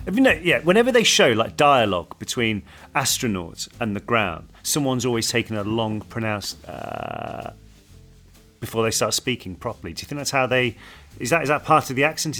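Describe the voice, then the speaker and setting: Lively, playful man. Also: medium pitch, gravelly. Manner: playful and animated, puts on silly voices. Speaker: podcast co-host. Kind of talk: casual podcast chat.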